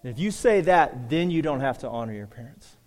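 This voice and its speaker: A man's voice: mid-range voice, animated, brisk, darkish tone. Man preaching in a reverberant hall. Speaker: pastor. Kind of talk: sermon.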